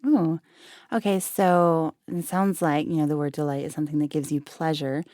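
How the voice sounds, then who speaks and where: A young woman in a faith-based podcast conversation, talking in a chatty, animated way with lots of filler words. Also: sits low, moderate pace, no room sound, studio quality. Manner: chatty and animated, many "like" and "you know" fillers.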